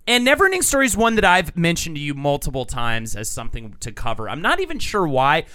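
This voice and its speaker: Man, podcast host, excitable, swears, shouty, bright, smooth, lively pitch. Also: quick pace, no echo. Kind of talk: casual comedic podcast chat.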